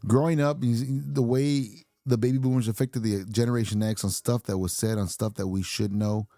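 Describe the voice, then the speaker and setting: A man's voice: medium pitch, steady tone, a little fast, dark tone, dry recording, clean studio sound. A man in his fifties hosting a podcast, delivering a blunt, swear-filled rant and laughing at his own points. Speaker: podcast host. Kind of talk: profane ranting monologue.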